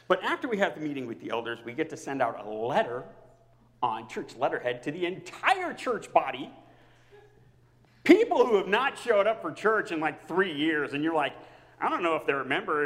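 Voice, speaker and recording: A man preaching a personal sermon to his congregation as their pastor, swinging between loud outbursts and near-whispers. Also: a little high, in a large hall.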